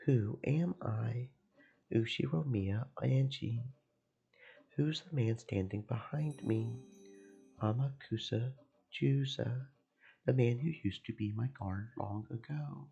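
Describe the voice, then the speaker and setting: A man streaming a let's play, reading first-person visual novel narration aloud in a slow, emotive way with game music behind. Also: mid-range voice, vocal fry, dark tone, slightly rough, muffled recording. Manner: slow, emotive reading that swells into panicked repetition.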